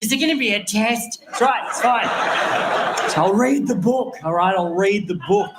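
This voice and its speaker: An Australian man doing stand-up into a stage microphone, his pitch leaping and swooping as he swears and laughs through the bits. Steady noise sits under the live recording. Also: moderate pace. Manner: profane, animated, laughing through jokes. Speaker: stand-up comedian. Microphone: handheld stage microphone.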